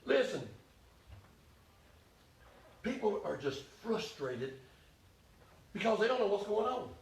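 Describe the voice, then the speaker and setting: Male preacher, high voice, folksy and emphatic, heard from a distance in a roomy church. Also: sing-song, slow. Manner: voices Elijah's complaints in first person, rising to shouts. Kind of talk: sermon.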